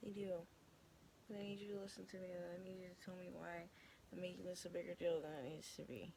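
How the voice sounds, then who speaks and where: A young woman talks straight to the camera in a rambling, profane vlog confession. Her voice sits a little low with a gravelly edge. A faint hiss runs under the recording. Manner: blunt, profane, rambling with many fillers. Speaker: vlogger. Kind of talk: casual confessional monologue.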